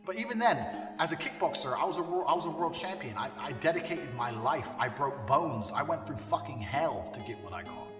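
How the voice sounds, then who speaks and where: A man's voice: on the high side, animated, brisk, hardly any pauses, fairly bright tone. A man delivering a blunt, profane ranting monologue as an online commentator. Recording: echoey hall, voice far from mic, faint music.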